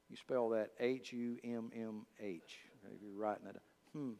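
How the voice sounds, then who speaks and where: A male pastor teaching a Bible study in a conversational way, speaking straight to his listeners with lively asides. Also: on the low side, brisk, creaky. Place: church. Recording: long church reverb.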